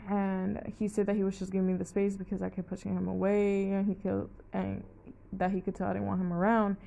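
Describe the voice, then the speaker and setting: Young woman, gravelly mellow voice, rambling casual storytelling, swears a lot. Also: medium pitch, monotone, fairly quick, highs cut off. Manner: rambling, fillers of "like", heavy swearing.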